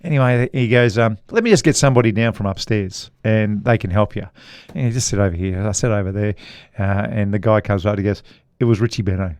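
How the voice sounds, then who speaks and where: A man's voice: lowish voice, fast talker, darkish tone, clean tone, no room sound. A middle-aged man with an Australian accent, a podcast co-host and golf commentator telling a long rambling anecdote with frequent chuckles. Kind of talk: casual storytelling chat.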